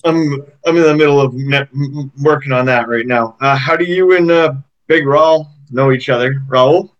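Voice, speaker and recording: A podcast host with a Canadian accent speaks at a medium pitch and normal speed. He's easygoing, asking short questions in a casual interview chat. The recording sounds dull and lo-fi.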